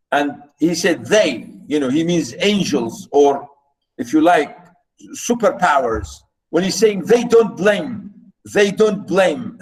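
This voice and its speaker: A man lectures on literature, taking his time and hammering points home through repetition. His voice is on the higher side for a man. He talks at an unhurried, deliberate pace. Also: rough recording. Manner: slow, repetitive, emphatic explaining. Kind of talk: recorded lecture.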